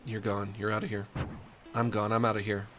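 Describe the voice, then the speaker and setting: A man's voice: on the low side, little pitch movement, brisk, over music. A man streaming a video game, chatting casually to himself and the characters as he decorates a room. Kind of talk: casual gameplay commentary.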